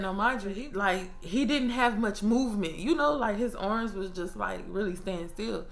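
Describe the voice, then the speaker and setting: A young woman telling a casual storytime on her own mic, animated and slangy, swearing freely and laughing often. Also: medium pitch, moderate pace, few pauses, soft background music. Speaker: storytime vlogger. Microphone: own microphone.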